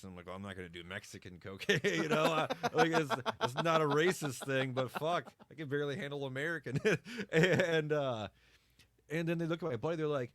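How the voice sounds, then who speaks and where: A man's voice: mid-range voice, fairly quick, dry recording. Profane, laughing man telling stories. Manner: profane, animated storyteller who laughs often. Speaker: podcast host. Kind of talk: casual storytelling chat.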